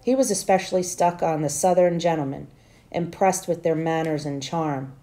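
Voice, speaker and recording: A woman teacher reads a novel aloud to her class in a steady, plain storytelling manner. Her voice sits low and sounds soft and mellow. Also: moderate pace.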